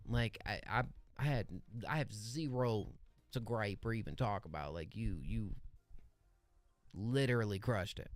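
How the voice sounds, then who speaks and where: A man's voice: lowish voice, unhurried, dry recording. A man hosting a live music review stream, chatting casually and enthusiastically with lots of slang, fillers and restarts. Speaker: livestream music review host.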